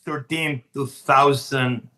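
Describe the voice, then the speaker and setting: A man, a chef appearing as a podcast guest, telling stories in an animated, emphatic way and often restarting his sentences. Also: mid-range voice, slow. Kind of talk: casual podcast storytelling.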